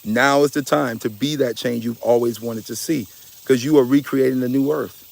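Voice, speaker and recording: A man's voice: mid-range voice, steady tone, normal speed, vocal fry. A man giving an impassioned spiritual talk, emphatic and preachy, with casual slang and swearing, often calling his listeners y'all. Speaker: spiritual speaker.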